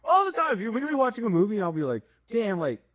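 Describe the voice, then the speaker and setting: A young man co-hosting a podcast in casual chat. He tells animated stories, and his voice jumps high when he gets worked up. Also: racing, dry recording, studio quality. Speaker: podcast co-host.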